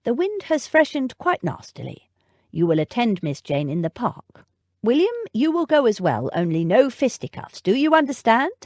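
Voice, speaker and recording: A woman voicing a proper male butler, composed and formal, speaking in a measured, unruffled way in an audiobook. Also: on the high side, big pitch swings, a little mellow, dry recording, clean studio sound, voice pushed up.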